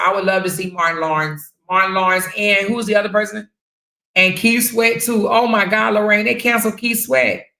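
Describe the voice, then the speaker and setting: Lady chatting on a livestream, gravelly voice, loud storytelling, cusses a lot, echoey room. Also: mid-range voice. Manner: chatty, loud and animated when telling stories, swears freely. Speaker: livestream host reading viewer chat. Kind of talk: casual chat.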